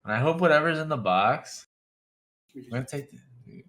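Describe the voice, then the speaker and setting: A man's voice: medium pitch, expressive, moderate pace, a bit bright. A young man playing a tabletop game, bantering loosely, with swearing and laughs. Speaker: player. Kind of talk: casual joking chat.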